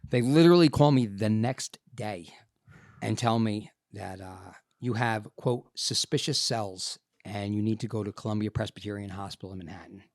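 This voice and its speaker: A middle-aged man, a podcast guest telling his story in an animated way and acting out what people said. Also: on the low side, moderate pace, no echo, studio quality. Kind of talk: storytelling interview.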